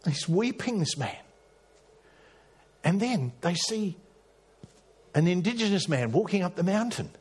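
A man preaching a sermon, telling a story with emphatic rises and hushed drops. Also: high-pitched, big pitch swings, measured pace, long pauses, husky. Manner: storytelling, rising to emphatic peaks and dropping to hushed tones.

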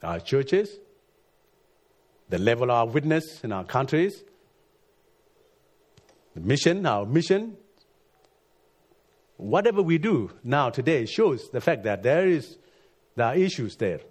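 Husky-voiced preacher, earnest and emphatic. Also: male voice, very animated, slow pace, long pauses, a little mellow. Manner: earnest, rising to emphatic peaks then dropping low. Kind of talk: sermon.

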